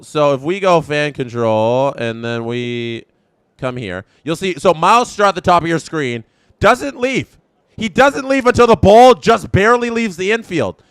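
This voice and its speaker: A Canadian man hosting a live baseball watchalong, excitable and reacting loudly to each play, his voice strained and worn out. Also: on the high side, clear, resonant tone, no echo. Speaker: watchalong host.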